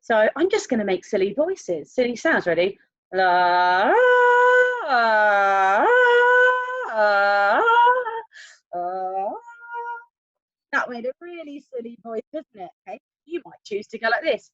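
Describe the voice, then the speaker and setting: Lively encouraging woman teacher. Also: on the high side, a little fast, few pauses, dry recording, highs cut off. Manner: animated, encouraging, sing-song questions. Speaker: primary school teacher. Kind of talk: online music lesson for young children.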